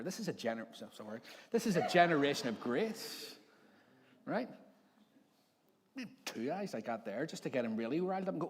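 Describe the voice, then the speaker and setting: In a large church hall with slight background noise, a forty-year-old male pastor with a Northern Irish accent tells jokey stories and mimics overheard voices during a chatty sermon. He speaks at medium pitch, animated and a little fast.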